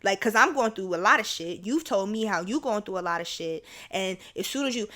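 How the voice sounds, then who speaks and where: A woman's voice: medium pitch, lively intonation, a little fast, few pauses, fairly bright tone. A young woman hosting a podcast, telling a personal story in a frank, chatty way, with filler words and swearing. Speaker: podcast host. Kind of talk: candid storytelling monologue.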